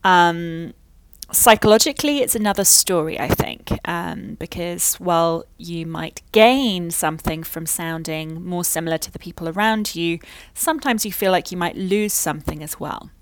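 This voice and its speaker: A woman from Wales speaking in a modern British received pronunciation accent, a pronunciation teacher reflecting in a measured, thoughtful way with frequent pauses. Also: lowish voice, clear, resonant tone, dry recording. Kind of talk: reflective monologue.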